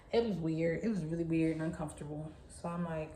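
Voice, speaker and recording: A young woman, telling a story in a chatty, animated way. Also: deep voice, fast, few pauses, a little hiss or hum. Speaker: vlogger. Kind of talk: casual storytime. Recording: echoey room.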